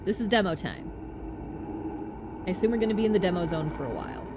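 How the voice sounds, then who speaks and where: A woman streamer giving chatty, excitable commentary while playing a game, often interrupting herself. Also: fairly low pitch, quick pace, background noise.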